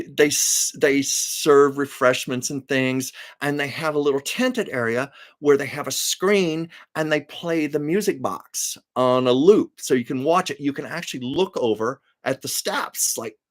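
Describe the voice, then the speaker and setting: An older man hosting a live stream, telling rambling stories in a chatty, casual way with frequent fillers. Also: medium pitch.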